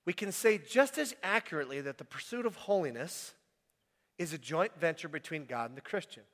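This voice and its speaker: A man preaching a sermon, animated and emphatic, sometimes rising to a shout and then dropping back to quiet reading. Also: a little high, fairly quick. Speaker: pastor. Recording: long hall reverb.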